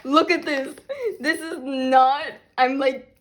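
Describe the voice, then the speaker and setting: A young woman filming an unboxing vlog, talking loudly and dramatically, laughing and half-crying over what she gets. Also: high-pitched, fairly even intonation, slow. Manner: loud, chaotic, dramatic reactions with laughing and fake crying. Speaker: vlogger unboxing albums.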